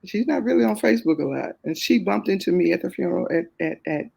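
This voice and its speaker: A middle-aged woman, a guest on a talk show, telling a personal story in a lively, expressive way with casual Southern phrasing. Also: lowish voice, vocal fry, slightly rough. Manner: lively, expressive, quick to laugh at herself.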